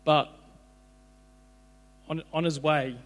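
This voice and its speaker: A man's voice: fairly high pitch, fairly even intonation, extremely slow. A young man giving an informal sermon, conversational, often repeating his words as he goes. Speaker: preacher. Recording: hall reverb with mains hum.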